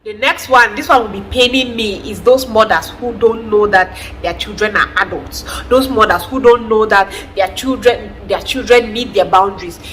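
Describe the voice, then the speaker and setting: A woman, talking casually to her viewers in an animated, preachy way and often laughing. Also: mid-range voice, normal speed, hardly any pauses, soft background music. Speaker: vlogger, mother. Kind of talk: casual talk to camera.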